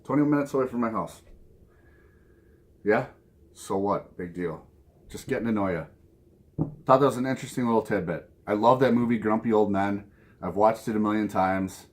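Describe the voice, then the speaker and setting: A man's voice: fairly low pitch, fairly quick, pauses often. A man from Minnesota with a Minnesota accent, talking casually to camera from his home music room, rambling and chuckling at his own asides. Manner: rambling, chuckles often, self-mocking asides. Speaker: vinyl collecting vlogger.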